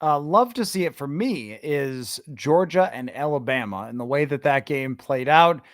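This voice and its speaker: A man hosting a sports podcast, ranting in animated, sarcastic casual chat. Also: fairly high pitch, moderate pace, no room sound, studio quality. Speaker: podcast host.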